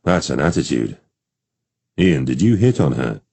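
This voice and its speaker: A man doing a quiet serious detective. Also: rumbling low, very animated, a little slow, breathy edge, no room sound, exaggerated voice. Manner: quiet, earnest.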